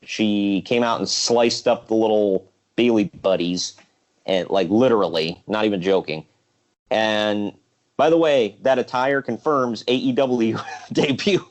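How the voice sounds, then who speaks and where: A man's voice: fairly low pitch, a little slow. A man co-hosting a casual wrestling podcast, ranting and joking and quoting people in mocking voices. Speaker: podcast co-host.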